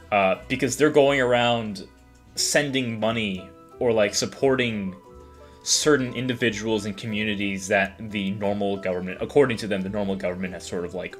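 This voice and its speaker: Brief: young male game master, bright, forward voice, loose and casual narration, faint music underneath. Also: fairly low pitch. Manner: casual, filler-heavy narration. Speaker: dungeon master. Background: faint background music.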